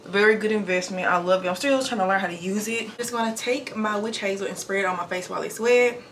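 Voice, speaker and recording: Fast-talking woman vlogging at home. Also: medium pitch, background noise. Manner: talks fast without pauses, breathy between sentences. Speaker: nurse vlogger. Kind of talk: casual get-ready-with-me vlog. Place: home bathroom. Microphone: camera mic.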